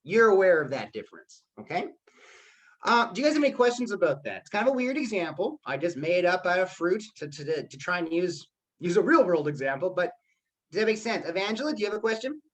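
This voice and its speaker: A male teacher leading a live class over a video call. He talks in a loose, chatty way and keeps checking in with his students with a quick "okay?". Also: sits high, very animated. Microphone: computer mic on a video call.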